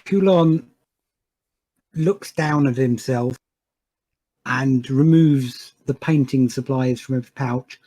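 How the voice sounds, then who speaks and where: A man playing a tabletop game, deliberately describing his character's actions. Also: medium pitch, warm tone, low-quality recording. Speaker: player. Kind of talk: casual tabletop play.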